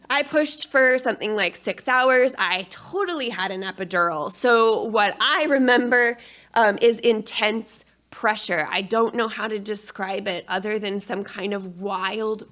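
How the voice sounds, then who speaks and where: A woman giving a paper at an academic conference, moving between scholarly commentary and frank, expressive personal storytelling. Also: mid-range voice.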